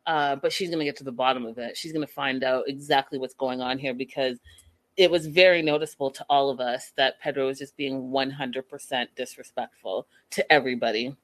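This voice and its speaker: A woman hosting a casual recap of a reality show, gossipy and animated, laughing at the scenes she retells. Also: rumbling low, a little fast. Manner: animated, gossipy, laughs at her own quotes. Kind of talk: casual chat.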